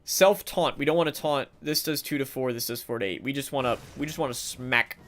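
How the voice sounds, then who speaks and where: A man's voice: mid-range voice, brisk, hardly any pauses. A man streaming a video game live, commenting casually and talking sarcastically to the characters on screen.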